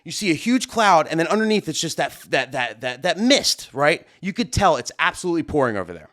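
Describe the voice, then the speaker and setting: A man, a wedding DJ, telling a story to camera in a rambling, excitable way, full of fillers and "right?" tags. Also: on the high side, a little fast.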